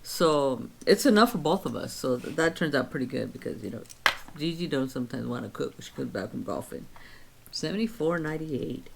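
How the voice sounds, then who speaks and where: A woman's voice: low voice, lively intonation, fairly quick, gravelly, noisy background. A woman in her sixties chatting casually on her vlog, counting her savings aloud and telling stories of her week. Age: 60s. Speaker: vlog host. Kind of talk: casual chat.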